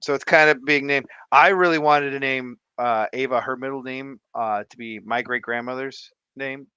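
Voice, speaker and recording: A man's voice: mid-range voice, fairly even intonation, normal speed, pushed and bright, clean tone, dry recording, dull audio. A man co-hosting a livestream, rambling and laughing as he chats. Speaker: livestream co-host. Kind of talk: casual chat.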